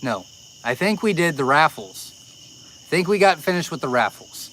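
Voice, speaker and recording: A man's voice: fairly high pitch, big pitch swings, moderate pace, a bit bright, slight background noise, low-quality recording. A man hosting a casual farm live stream, talking in a rambling, easily sidetracked way with lots of fillers. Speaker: farm livestream host.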